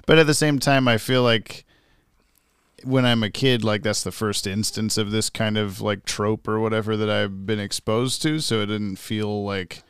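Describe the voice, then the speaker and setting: Gravelly man chatting casually. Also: on the low side, no echo, studio quality. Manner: relaxed, rambling, filler-heavy. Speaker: podcast co-host. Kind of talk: casual chat.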